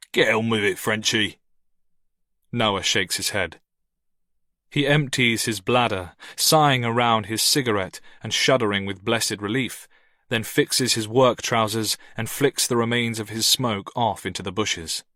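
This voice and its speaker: A man narrating a thriller audiobook with steady, tense storytelling. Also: on the low side, a little slow, dry recording, clean studio sound. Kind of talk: scripted narration.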